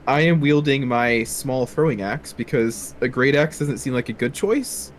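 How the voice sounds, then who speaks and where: A man's voice: medium pitch, expressive, a little slow, a little hiss or hum. A man playing a tabletop game over voice chat, rambling with lots of fillers. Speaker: player.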